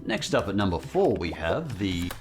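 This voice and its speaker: A man in his thirties from Australia with an Australian accent, giving scripted narration in a wry, lively way. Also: low-pitched, normal speed, over music. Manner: wry, lively countdown delivery. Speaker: video narrator.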